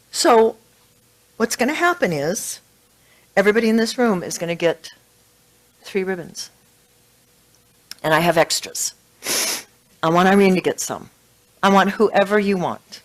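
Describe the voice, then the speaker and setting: A woman's voice: mid-range voice, unhurried, long pauses, low-quality recording. A woman giving a sermon to a small congregation, telling a story with feeling and laughing now and then. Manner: emotional, animated storytelling with laughs. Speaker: spiritual practitioner giving the talk.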